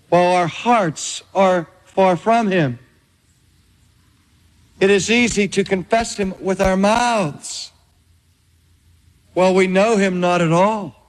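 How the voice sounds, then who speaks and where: An older man preaching a sermon in a measured, emphatic way with dramatic pauses. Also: high-pitched. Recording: reverberant hall.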